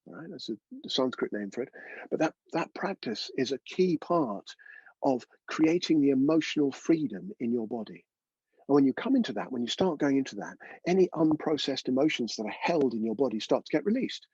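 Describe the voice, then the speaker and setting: Husky, mellow-voiced male breathwork teacher. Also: mid-range voice, expressive, brisk, no echo, lo-fi sound. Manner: coaching, chatty, checks in with "yeah?". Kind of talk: live online breathwork class.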